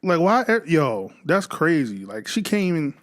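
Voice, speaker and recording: A man's voice: a little high, big pitch swings, unhurried, fairly bright tone. A man giving casual, slangy reaction commentary, swearing often and sounding incredulous. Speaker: reaction streamer.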